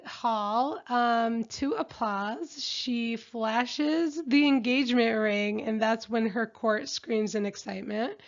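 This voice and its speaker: A woman recapping a reality show episode in a chatty, opinionated way. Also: fairly high pitch. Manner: chatty and opinionated, reads out quotes. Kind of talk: casual episode recap narration. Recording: dull lo-fi recording.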